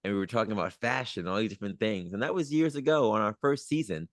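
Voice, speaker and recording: A man's voice: fairly low pitch, fast talker, dry recording, clean studio sound. A man from New York hosting a motivational podcast, speaking earnestly with rising emphasis. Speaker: podcast host.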